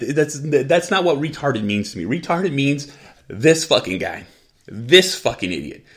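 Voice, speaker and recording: Middle-aged male podcast host, foul-mouthed ranting, mid pitch. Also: fairly bright tone. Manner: profane, blunt, rants and repeats himself. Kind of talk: profane angry rant.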